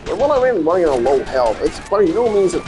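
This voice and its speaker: A man's voice: sits high, sing-song, fast talker. A man giving casual gameplay commentary as a let's play gamer, ranting and swearing in exasperation. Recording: game gunfire and noise behind voice.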